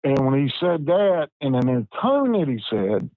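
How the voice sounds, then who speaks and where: A man, telling a personal story as a podcast guest in an unhurried, plain-spoken way with frequent restarts. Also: medium pitch, sing-song, a little mellow, no echo, poor audio. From West Virginia. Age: 50s.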